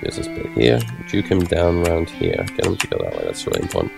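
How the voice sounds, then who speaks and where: A man's voice: low voice, big pitch swings, quick pace, creaky. A man casually explaining his tactics as he plays a video game, with the odd curse. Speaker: gameplay commentator. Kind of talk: let's play commentary. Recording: game music behind voice. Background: game music.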